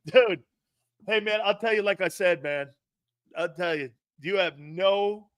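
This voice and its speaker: An older man, a former college football player, co-hosting a sports talk show and telling stories with loud acted-out quotes and plenty of swearing. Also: high-pitched, slow pace, smooth, no echo. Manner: excitable, profane, acts out quotes loudly. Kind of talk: animated sports talk and storytelling.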